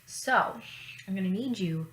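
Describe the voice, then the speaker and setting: A woman's voice: medium pitch, expressive, measured pace, fairly bright tone, echoey room, slight background noise. Woman doing an exasperated ghost father, sarcastic and scolding, near her own voice.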